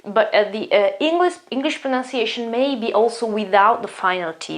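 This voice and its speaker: A woman's voice: fairly high pitch, normal speed, few pauses. A woman with an Italian accent, explaining English vocabulary in an online lesson and often repeating herself as she restarts phrases. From Italy. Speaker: English teacher.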